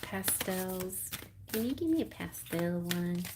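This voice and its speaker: A woman's voice: lowish voice, lively intonation, slow, noisy background. A woman with a Texas accent hosting a live tarot stream, chatting casually in a rambling way, full of fillers and frequent laughs.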